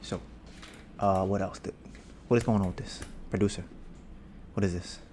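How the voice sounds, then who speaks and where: Steady in tone and moderate in pace, a young podcast host's low, dark voice wanders through topics as he teases himself about his smooth sound. He's at home with a storm outside, using a podcast mic and headphones, and there's a faint hiss in the background.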